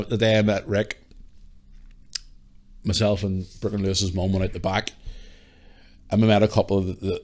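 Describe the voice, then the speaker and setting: Northern irish guy rambling through a story on his podcast, lowish voice, cussing away. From Northern Ireland. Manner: swears freely, animated anecdotes. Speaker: podcast host. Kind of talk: casual storytelling.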